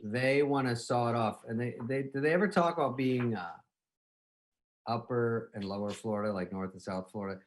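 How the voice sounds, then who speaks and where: A man interviewing a comedian in a casual comedic chat. He is animated and laughs often, breaking into acted quotes. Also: mid-range voice, moderate pace.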